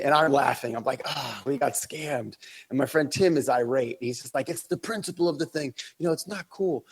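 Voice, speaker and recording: A man's voice: medium pitch, a little mellow. A man, a podcast guest, telling a long travel anecdote in casual conversation, rambling with fillers and acting out quotes. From Australia. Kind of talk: casual storytelling.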